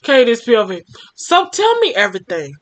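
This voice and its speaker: A woman's voice: fairly high pitch, wildly swooping pitch, a little fast. A young woman hosting a storytime show, reading a fan story aloud and reacting with laughs. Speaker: storytime host.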